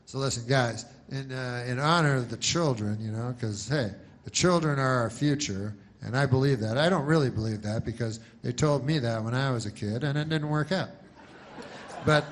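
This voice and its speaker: A man doing rambling stand-up comedy in a deadpan, meandering way. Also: mid-range voice. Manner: deadpan, meandering, slow-burn.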